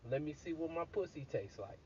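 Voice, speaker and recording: A man's voice: a little high, lively intonation, fairly quick, dark tone, dull audio, a little hiss or hum, lightly acted. A man quoting Eve as a brash, crude, street-talking woman in his own voice.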